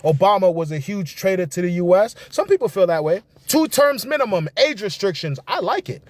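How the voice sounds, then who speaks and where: Young guy ranting live on stream, high voice, dry close sound, chats back with viewers. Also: brisk, no echo. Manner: animated, rambling, reacts to chat. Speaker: livestream host. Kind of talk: casual political livestream commentary.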